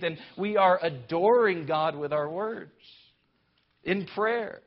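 A man preaching a sermon to a congregation, emphatic and building to loud declamation, with wry sarcastic asides. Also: sits high, slow. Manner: emphatic, rising to loud declamation when quoting scripture. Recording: dull lo-fi sound.

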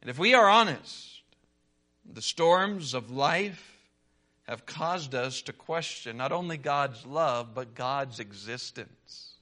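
A man preaching a sermon, swinging between loud rises and hushed drops, reading scripture in old-fashioned wording. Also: mid-range voice, animated, takes it slowly.

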